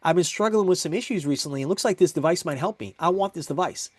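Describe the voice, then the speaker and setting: A man quoting an eager, curious woman prospect in his sales pitch. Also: quick pace, no echo, studio quality, lightly acted. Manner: surprised, eager.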